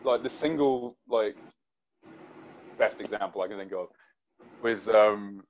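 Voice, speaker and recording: A man, a guest actor, telling an animated story in a casual interview, with hesitant restarts. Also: fairly low pitch, measured pace, muffled recording, slight background noise.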